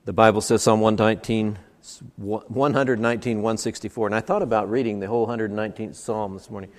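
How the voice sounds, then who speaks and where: A man's voice: fairly low pitch, steady tone, fairly quick. A man preaching a sermon at a church service, emphatic and building points through stacked, repeated phrases. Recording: long hall reverb.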